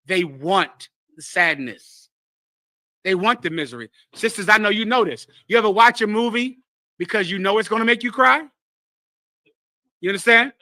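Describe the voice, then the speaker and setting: A man leads a scripture class in a forceful, bright voice pitched high for a man. He preaches with lively call-and-response and singles out people in the room. The sound is dry and close. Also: no room sound. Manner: animated call-and-response, addresses listeners directly. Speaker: teacher leading a scripture class. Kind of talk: preaching to a live congregation.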